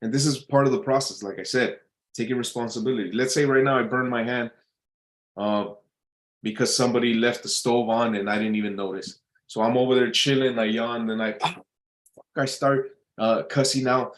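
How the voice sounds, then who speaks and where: A man's voice: mid-range voice, fairly even intonation, fairly quick. A man lecturing in a loose, unscripted way, swearing freely and circling back over his own words. His voice sits in the middle range. The room gives it a noticeable echo. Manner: blunt, swears often, repeats and restarts. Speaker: vlogger giving life advice. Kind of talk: casual motivational talk.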